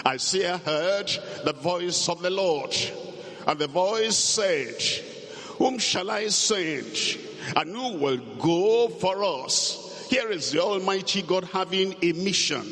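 A man preaching a sermon as pastor, reading scripture aloud and building to emphatic, loud preaching in a church hall. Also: high-pitched, expressive, takes it slowly. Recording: long echoing hall reverb.

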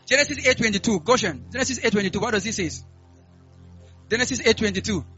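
A male pastor with a high, bright voice preaches fervently and fast in church, moving through a sermon, announcements, and prayer. He uses call-and-response, asking "are we together?", and rises to loud, fervent prayer. The sound is lo-fi, with faint music behind him.

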